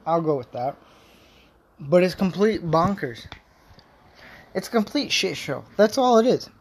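Talk it out like a man with a fairly high voice ranting off the cuff, rambling with lots of filler words, blunt and swearing freely. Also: sing-song, a little slow, husky. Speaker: vlogger giving political commentary. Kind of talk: casual opinion rant.

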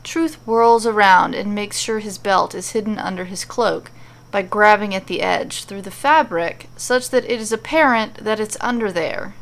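A woman narrating a storybook tale, reading in an animated, playful way. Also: medium pitch, normal speed.

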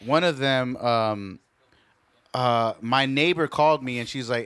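A man's voice: medium pitch, a little slow, clear, resonant tone, dry recording. Profane man retelling a confrontation. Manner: profane, animated retelling with quoted dialogue. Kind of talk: casual chat, storytelling.

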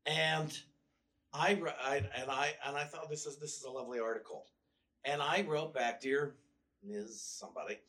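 A man's voice: mid-range voice, pushed and bright, far from the mic. A male minister giving a casual, storytelling sermon with wry humor, often restarting his sentences. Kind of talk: conversational sermon. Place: church.

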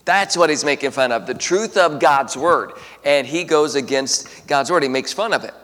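A man preaching a sermon to young people, animated, swinging between loud emphasis and hushed storytelling. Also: mid-range voice, moderate pace. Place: large auditorium. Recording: long hall reverb.

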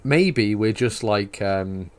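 Young Yorkshire man, lowish voice, rambling podcast host, filler-heavy, teasing. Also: animated, slow pace, clean tone. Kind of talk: casual podcast chat.

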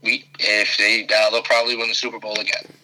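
A young man co-hosting a sports podcast, excitable and emphatic, often throwing in "dude" and "man". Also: lowish voice, quick pace, poor audio. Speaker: podcast co-host. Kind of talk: casual sports chat.

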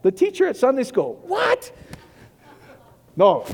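Excitable high-voiced man preaching. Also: moderate pace. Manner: rambling, excitable, long-winded. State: short on sleep, giddy. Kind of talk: casual joking sermon. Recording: long reverb of a large hall.

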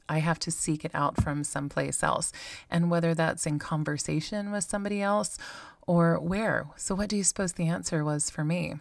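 Woman, podcast host, low voice, reflective, conversational, dry close mic. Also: normal speed, vocal fry, no room sound. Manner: candid, musing, conversational, with frequent ums and likes. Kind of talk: reflective solo podcast talk.

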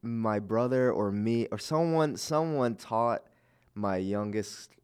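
Laid-back young guy, low voice, swearing casually. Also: lively intonation, takes it slowly, a little mellow, clear, resonant tone. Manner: laid-back, swears freely, lots of "like" and "dude". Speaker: podcast co-host. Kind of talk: casual chat.

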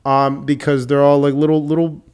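A man co-hosting a podcast in casual chat, crude and blunt, throwing in quick remarks. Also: on the high side, completely flat delivery, darkish tone, clear, resonant tone. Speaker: podcast co-host.

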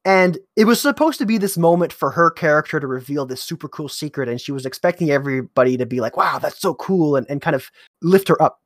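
Man, casual chat, game master, higher-pitched, dry close sound. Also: lively intonation, fast, no echo. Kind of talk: casual conversation.

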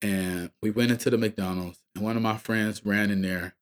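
A man's voice: fairly low pitch, fairly even intonation, normal speed. A man from Atlanta with a Southern accent, a rapper guest telling a loose, profane tour story and laughing often. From Atlanta, Georgia. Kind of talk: casual storytelling.

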